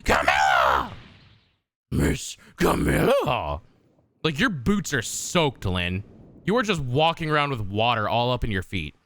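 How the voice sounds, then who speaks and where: A man's voice: medium pitch, sing-song, normal speed, fairly bright tone. A man streaming a game, rambling and swearing casually with many fillers.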